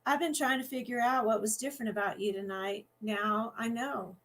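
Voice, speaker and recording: A woman's voice: on the high side, steady tone, moderate pace, a bit bright. Storybook read-aloud: an earnest young male cop, friendly and easygoing, voiced by a woman author.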